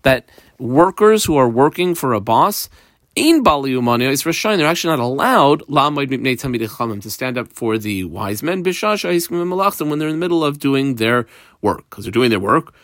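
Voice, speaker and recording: A man leads a Talmud lesson at a middle pitch, reading Hebrew and Aramaic phrases and explaining them in English. He tells the listener where to underline and number the page, pausing with fillers as he goes. The sound is dry and close. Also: expressive, fairly bright tone, no echo. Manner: explains step by step, telling how to mark the text. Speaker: Talmud teacher. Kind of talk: line-by-line study lesson.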